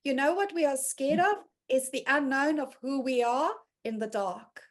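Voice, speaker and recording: Frank, high-voiced woman host. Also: normal speed. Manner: frank, earthy, laughs easily. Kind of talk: candid motivational group talk.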